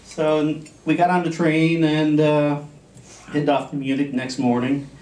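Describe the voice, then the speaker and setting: A man giving a humorous contest speech, telling an animated story to an audience that laughs along. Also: on the high side, measured pace. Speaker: contest speaker. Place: convention hall. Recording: echoey hall, mic from far off.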